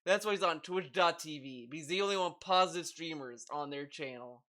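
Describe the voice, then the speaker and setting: A man streaming live and reacting to videos, talking in an excitable, stammering way. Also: a little high, fairly quick. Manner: animated, excitable, stammering repeats.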